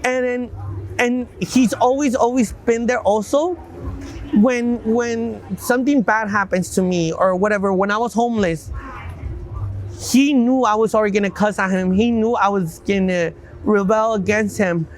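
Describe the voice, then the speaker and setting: A man's voice: high voice, normal speed, slight background noise, rough recording. A man being interviewed outdoors, telling his life story with earnest faith, often repeating words as he talks. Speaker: interview guest. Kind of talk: emotional personal storytelling. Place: outdoors in a city.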